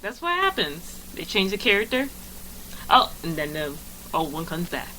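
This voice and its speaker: A woman guest on a casual podcast, answering with dry, deadpan retorts. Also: fairly low pitch, normal speed, slight background noise, poor audio.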